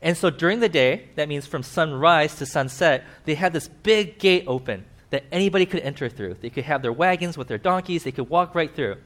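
A man giving a casual sermon with slides, animated, asking his listeners questions and acting out little voices. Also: a little high, brisk, few pauses. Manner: animated, acts out voices, asks the audience questions. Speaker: preacher.

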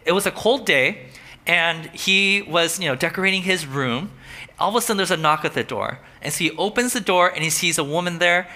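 A man preaching a sermon in a relaxed, conversational way, telling a story and lifting his voice when he quotes. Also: a little high. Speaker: pastor.

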